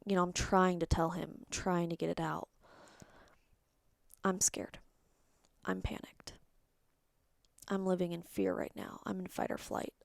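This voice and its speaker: A woman's voice: lowish voice, gravelly, darkish tone, dry recording. A woman hosting a personal solo podcast, talking candidly and rambling, sometimes dropping into a whisper. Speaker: podcast host.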